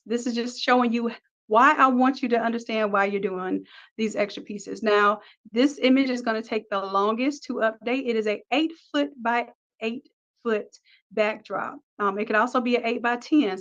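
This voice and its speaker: A woman leads a screen-recorded design lesson, talking through every click in an upbeat, practical way. Her voice sits a little high. The recording sounds dull and lo-fi. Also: fairly bright tone. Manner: upbeat, talks through each click step by step. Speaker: design instructor. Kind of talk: screen-recorded software tutorial.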